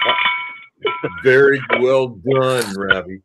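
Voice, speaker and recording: A middle-aged man hosting a casual live stream, telling animated stories and quizzing his listeners as he goes. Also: medium pitch, normal speed, heavy background noise. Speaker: host.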